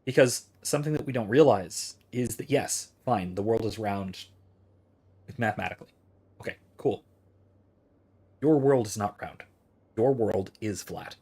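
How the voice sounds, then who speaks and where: Husky-voiced man, 30s, casual philosophy streamer who thinks out loud. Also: on the low side, unhurried, pauses often. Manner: rambling, thinks aloud with restarts. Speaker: philosophy streamer reading chat.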